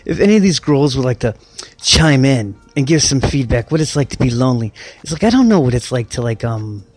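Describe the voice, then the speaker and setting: A man's voice: medium pitch, very animated, fairly quick, darkish tone. A middle-aged man ranting casually as an online commentator, rambling and mocking, with lots of restarts and swearing. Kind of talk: casual rant.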